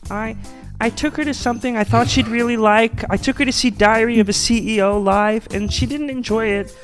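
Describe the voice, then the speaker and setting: A man voicing an awkward, naive young man in a high, nasal cartoon-frog voice. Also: fairly even intonation, fairly quick, faint music behind, natural voice. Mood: sheepish.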